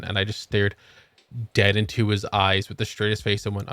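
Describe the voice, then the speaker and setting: A man's voice: on the low side, little pitch movement, fairly quick, no echo. A young man streaming a game, chatting casually and joking with swearing, tired after a long work shift. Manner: laid-back, swearing, joking. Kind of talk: casual chat while gaming.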